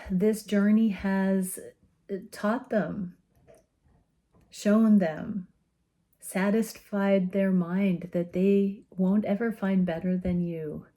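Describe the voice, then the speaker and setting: A woman giving an intuitive tarot reading, speaking in a gentle, soothing and earnest way with soft laughs. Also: mid-range voice, steady tone. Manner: slow, gentle and soothing, often laughing softly; earnest and openly emotional. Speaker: tarot reader.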